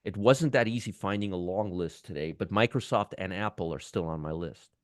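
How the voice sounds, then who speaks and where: Low-voiced man doing casual stock commentary. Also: brisk, no echo, clean studio sound. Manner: enthusiastic, repeats words, restarts often. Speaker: stock trading show host.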